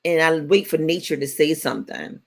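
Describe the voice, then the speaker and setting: A woman in her forties, co-hosting a radio talk show and telling stories in a playful, animated way. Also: low voice, fairly quick, creaky. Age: 40s. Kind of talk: casual chat.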